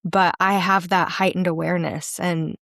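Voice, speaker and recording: Woman podcast co-host, lowish voice, animated storyteller, dry close sound. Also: moderate pace, gravelly, no echo. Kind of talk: casual conversation.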